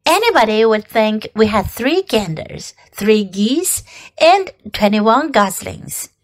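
A woman's voice: a little high, sing-song. A woman voicing a wise, bossy female spider who runs a barn meeting in a storybook reading. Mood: matter-of-fact. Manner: brisk, orderly, a little impatient.

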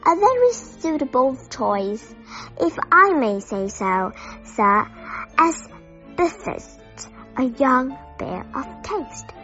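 A woman's voice: high voice, big pitch swings, slow, bright, forceful tone, soft background music, full character voice. A woman voicing a pompous, overly polite male shop assistant in a storybook reading. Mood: smooth, salesy. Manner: fawning, overly formal salesman. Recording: slightly dull lo-fi audio.

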